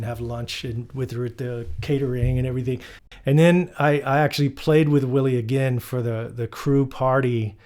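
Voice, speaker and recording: A man of ordinary pitch hosting a guitar channel. He talks casually and loosely, filling pauses with ums and uhs as he rambles through stories. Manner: relaxed, rambling, many fillers. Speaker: guitarist host. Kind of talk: casual storytelling.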